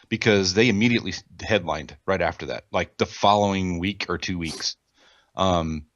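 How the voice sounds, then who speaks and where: Low-voiced easygoing man on a podcast. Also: a bit bright, dry recording. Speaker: podcast co-host. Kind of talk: casual rock chat.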